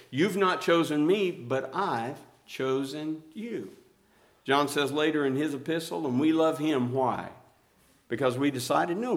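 Male pastor, sermon delivery, slightly high pitch, emphatic builds. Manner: preaching with rising emphasis, reads scripture slowly.

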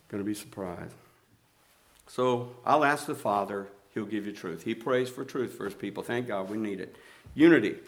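A man preaching a sermon, emphatic, repeating key words and swinging between loud declarations and quiet asides. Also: mid-range voice, creaky. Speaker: pastor.

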